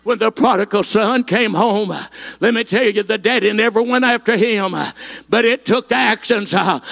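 Gravelly high-voiced impassioned preacher man. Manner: impassioned, with frequent "uh" fillers and rising shouted peaks. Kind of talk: sermon.

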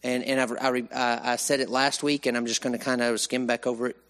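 A male preacher delivers a sermon in a mid-range voice. He talks in a folksy way, pushing up for emphasis and sinking to soft, slowed lines. His delivery keeps moving between energy and calm. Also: medium pitch, noisy background. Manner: animated, with sudden rises and hushed drops.

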